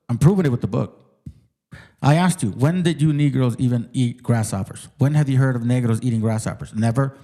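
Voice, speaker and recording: A man's voice: medium pitch, vocal fry, warm tone. A man hosting his own channel and ranting casually at his viewers. He sounds profane, mocking and combative, and he repeats words for emphasis. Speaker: channel host. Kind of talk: heated casual rant to viewers.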